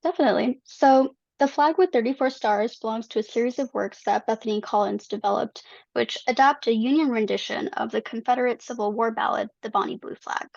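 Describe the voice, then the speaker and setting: A woman on a museum's staff reading prepared remarks in measured, formal phrasing. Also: a little high, gravelly, darkish tone, dry recording. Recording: slightly dull lo-fi audio.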